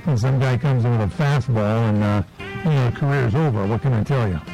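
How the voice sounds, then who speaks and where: A man's voice: medium pitch, brisk, vocal fry, mellow, faint music behind, poor audio. A man hosting a sports radio talk show in a folksy, casual way.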